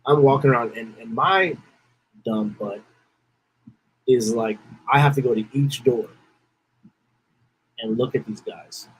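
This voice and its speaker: A man's voice: medium pitch, slightly rough, rough recording. A man hosting a podcast, telling a story in a casual, rambling way, repeating himself and holding back tears. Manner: emotional, rambling, repeats phrases. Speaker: podcast host.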